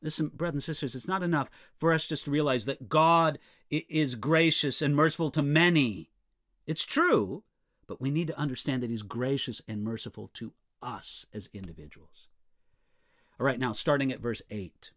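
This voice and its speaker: A man delivering an expository sermon in a fairly high, lively voice that climbs for emphasis when he reads scripture. Between readings he falls low and quiet for asides, and his tone swings widely across each phrase. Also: a little slow. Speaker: preacher.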